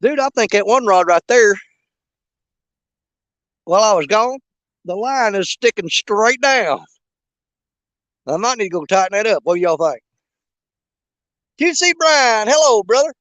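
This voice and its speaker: High-voiced fishing streamer. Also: male voice, expressive, moderate pace, pauses often, fairly bright tone, no echo. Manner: folksy, joking, rambling with fillers. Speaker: fishing livestream host. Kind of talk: casual live chat while bank fishing. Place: outdoors on a riverbank at dusk.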